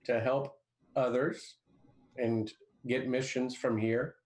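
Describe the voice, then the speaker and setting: A man's voice: medium pitch, fairly even intonation, slow pace, a little mellow. A man playing in a tabletop role-playing game, practical, asking the group questions to keep things moving. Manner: practical, asks questions to move the group along. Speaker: player. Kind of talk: casual tabletop play.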